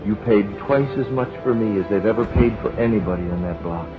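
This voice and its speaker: A male preacher quietly voicing a freed slave woman in a sermon story, her words halting and tearful, barely above his own register. The old recording is muffled and dull, with music swelling underneath. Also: fairly low pitch, natural voice. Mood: disbelieving.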